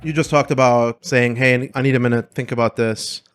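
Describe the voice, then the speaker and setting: A man's voice: medium pitch, steady tone, moderate pace, a bit bright, clean tone, soft background music. A man co-hosting a podcast, explaining his views in a thoughtful, casual way with frequent restarts. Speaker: podcast co-host. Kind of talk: casual conversational chat.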